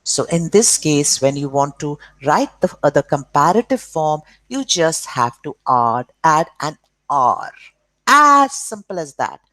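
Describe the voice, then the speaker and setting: A woman teaching children a grammar lesson, who spells words out letter by letter, stretches them slowly and checks along with "okay". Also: low-pitched, very animated, fairly bright tone, no echo.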